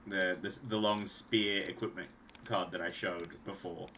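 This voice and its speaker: Rambling young man with bright tone. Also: low-pitched, fairly even intonation, measured pace, a little hiss or hum. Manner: rambling, trailing off and restarting. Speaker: streamer and card game designer. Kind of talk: casual livestream talk.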